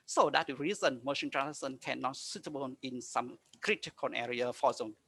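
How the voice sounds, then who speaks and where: A man giving a conference presentation over a video call, speaking haltingly with frequent restarts and nonstandard grammar. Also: mid-range voice, gravelly, a bit bright, husky. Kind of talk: lecture presentation.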